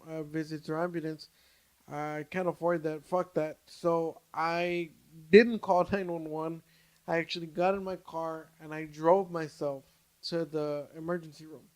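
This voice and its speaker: A young adult man co-hosting a podcast, telling a story in casual chat, swearing freely and stumbling over his words. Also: on the high side. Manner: animated, swears freely, many restarts and fillers. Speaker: podcast co-host.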